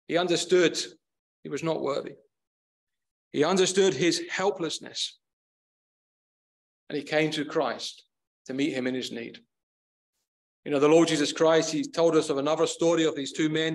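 Male preacher, slightly high voice, earnest sermon delivery with building repetition. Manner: earnest, repetitive emphatic phrasing.

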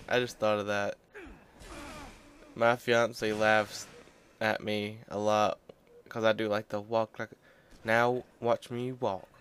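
A man's voice: lowish voice, a bit bright, slight background noise. A young man giving rambling, offhand and joking commentary while playing a video game. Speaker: gameplay commentator. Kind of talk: casual gaming commentary.

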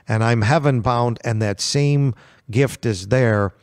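Calm man teaching scripture, dry sound. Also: medium pitch, takes it slowly, clean tone, no echo. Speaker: radio show host. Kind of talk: bible teaching on radio.

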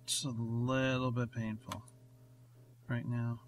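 A man's voice: mid-range voice, little pitch movement, slow. A man casually commenting on his gameplay, thinking aloud in a rambling, self-mocking way. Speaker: let's play host. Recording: noisy recording with clicks.

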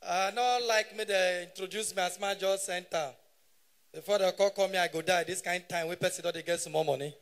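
Male stand-up comic, 30s, Nigerian Pidgin accent, very high pitch, sharp tone, animated delivery. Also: fairly quick. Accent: Nigerian Pidgin English. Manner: animated, shouting punchlines in bursts. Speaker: stand-up comedian. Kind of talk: live stand-up comedy. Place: stage at a live show.

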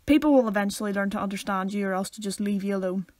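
With a Northern Irish accent and a mid-range, darkish voice, this young woman races through her lines on a dry recording. Co-hosting a casual podcast, she chats, laughs a lot and keeps talking over her sister.

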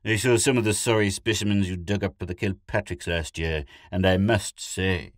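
A man with a deep voice voicing a fretful, wealthy middle-aged male hunter who grumbles and complains in a storybook reading. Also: steady tone, normal speed, no echo, clean studio sound, close to an everyday voice. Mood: scornful.

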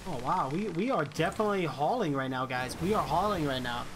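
A male live streamer chatting excitedly with viewers while playing a pirate game. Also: a little high, fairly quick. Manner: hyped, thanks viewers, shouts to chat. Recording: noisy game stream audio.

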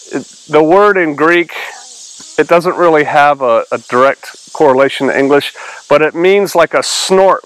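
Male pastor, slightly high voice, chatty verse-by-verse Bible teaching. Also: fairly bright tone, rough recording. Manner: conversational, reads verses aloud then explains them.

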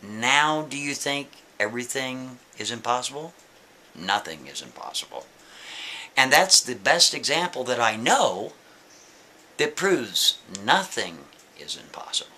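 A man telling a story in a lively, emphatic, casual way, talking straight to the listener. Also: medium pitch, unhurried, slight background noise.

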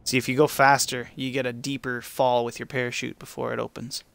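A man's voice: medium pitch, fairly quick, creaky, smooth, no room sound. A young man streaming a shooter game, commenting casually to himself and taunting the players he beats. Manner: excitable, talks to himself and to enemies. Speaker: gaming streamer.

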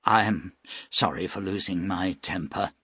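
A man's voice: low voice, unhurried, sharp tone, breathy edge, no echo, clean studio sound, heavily acted. A man reading aloud plays a fussy, stammering innkeeper who pushes his point. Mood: eager. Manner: flustered, stammering, pushy. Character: excitable, fussy male innkeeper.

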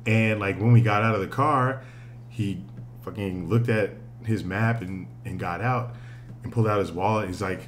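Give me a low-pitched male podcast co-host telling a story casually with some swearing. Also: fairly even intonation, brisk, slight background noise. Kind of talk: casual chat.

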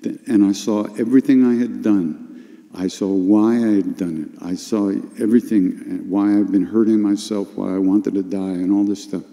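Unhurried older man in a reverberant hall. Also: on the low side. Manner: unhurried, confessional, emotional storytelling with sudden animated bursts. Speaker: spiritual teacher at a retreat workshop. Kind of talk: storytelling talk. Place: retreat hall with an audience.

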